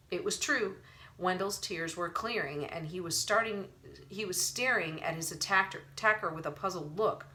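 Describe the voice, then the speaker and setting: A woman's voice: on the low side, animated, moderate pace, sharp tone. A woman reading a storybook aloud as narrator, telling the story with expression. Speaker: audiobook narrator. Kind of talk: audiobook narration.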